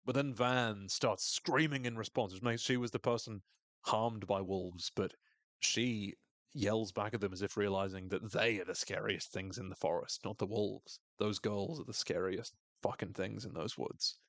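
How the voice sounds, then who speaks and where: Male podcast host, mid pitch, excitable recap talker who curses casually and mimics lines, recorded dry and close. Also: moderate pace, dry recording. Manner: enthusiastic, swears freely, acts out quoted lines in shifting voices.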